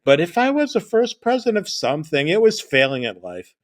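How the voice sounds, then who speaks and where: A man's voice: high voice, sing-song, brisk. A man narrating a comedic horror-parody story with crude, rambling, self-deprecating jokes.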